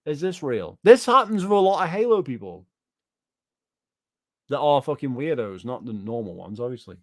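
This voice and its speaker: A man's voice: mid-range voice, very animated, moderate pace, fairly bright tone, no room sound, studio quality. A man ranting casually on a livestream, reacting to chat in a rambling, profane, incredulous way.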